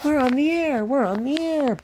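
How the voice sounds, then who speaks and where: Guy doing a squeaky little train engine, super eager, way up high. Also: normal speed, a little mellow, slight background noise. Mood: excited. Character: high excited eager young male engine.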